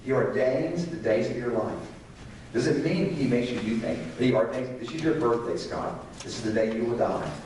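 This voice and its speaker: A man's voice: medium pitch, animated, normal speed, darkish tone, a little hiss or hum. An older man teaching a parents' Sunday school class in a conversational way, often asking the class questions. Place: church classroom. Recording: echoey room from far off.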